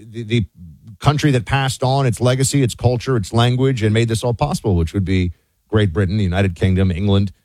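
A man co-hosts a talk radio show, animated and teasing in casual banter. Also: lowish voice, no room sound. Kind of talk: casual political chat.

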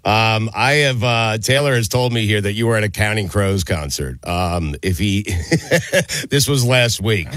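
A man's voice: on the low side, unhurried, a bit bright, no room sound. A man hosting a casual sports talk show, joking around and steering the talk with questions for his co-hosts. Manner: jokey, leads the conversation and asks questions. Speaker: host.

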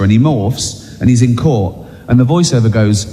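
A man doing stand-up comedy, acting out bits in quick asides. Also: medium pitch. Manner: animated, acts out characters in quick asides. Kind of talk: live stand-up set. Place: theater stage. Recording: echoey hall, live room ambience.

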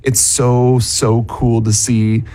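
A man's voice: mid-range voice, level tone, slow pace, warm tone. A male stage actor in his thirties, telling a story on the radio in an emotional, heartfelt way. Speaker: musical theater actor. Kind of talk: casual radio interview.

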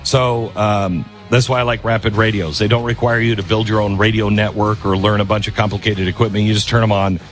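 A man's voice: lowish voice, fairly even intonation, fairly quick, few pauses, faint music behind. A man hosting a political talk radio show and reading an ad in an emphatic, conversational way, often breaking off to restart his sentences.

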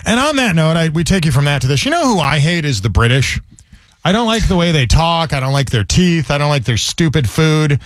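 A man's voice: on the high side, big pitch swings, fairly quick, no room sound, clean studio sound. A man hosting a comedy talk show, ranting in a sardonic, joking way in casual chat. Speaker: comedy podcast host.

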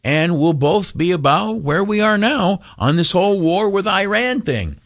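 A man's voice: high-pitched, very animated, unhurried, a bit bright. A middle-aged man hosting a radio talk show, rambling and self-deprecating with lots of ums and uhs. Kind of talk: casual talk radio commentary. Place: radio studio.

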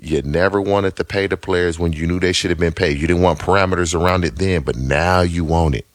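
A man's voice: sits low, a little fast, no echo, clean studio sound. A man co-hosting a sports talk show, arguing his points emphatically and repeating himself for effect. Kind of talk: heated casual sports debate.

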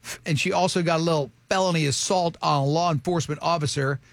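A man hosting a talk radio show, telling stories and cracking jokes in animated studio banter. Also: a little high, quick pace, vocal fry, no room sound. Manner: animated, jokey storyteller. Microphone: studio mic.

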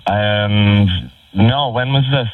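A man's voice: lowish voice, very slow, no echo. A man answering a phone call, hesitant and evasive, heard over a tinny phone line. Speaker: call recipient.

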